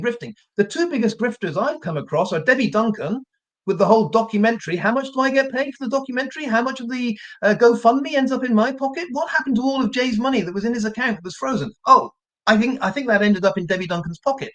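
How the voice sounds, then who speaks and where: A man hosting a live true crime stream, ranting in a combative, indignant way and often repeating himself. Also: high voice. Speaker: true crime channel host.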